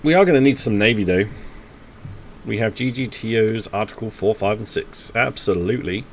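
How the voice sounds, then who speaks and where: A man's voice: fairly low pitch, normal speed, a little hiss or hum. A man, chatting casually with teammates while live streaming a strategy game and thinking aloud. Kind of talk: casual gaming commentary talking to teammates.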